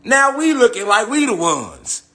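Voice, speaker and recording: Bright-voiced man on a heated, profane rant. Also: very high-pitched, big pitch swings, measured pace. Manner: heated, repetitive, profane, with rhetorical tag questions. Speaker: online spiritual commentator.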